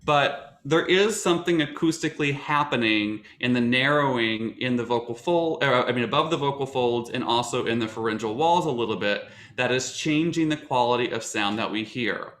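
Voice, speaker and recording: Bright-voiced male voice teacher lecturing. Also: mid-range voice, normal speed, few pauses, reverberant. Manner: explanatory, with frequent fillers and restarts.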